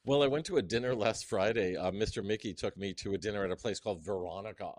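A man chatting as an interview guest, witty and self-mocking, telling quick anecdotes. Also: on the low side, a little mellow, dry recording. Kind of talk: casual interview chat.

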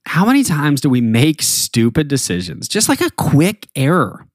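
A man in his thirties, a podcast host telling a story in a chatty, animated way. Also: fairly high pitch, moderate pace, dry recording. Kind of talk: casual storytelling.

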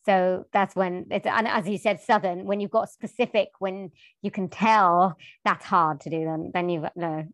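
A British woman, a voice-over artist, chatting as a guest in a remote interview, lively and talkative. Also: on the low side, normal speed, hardly any pauses, no room sound. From United Kingdom. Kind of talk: casual interview chat. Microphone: remote call.

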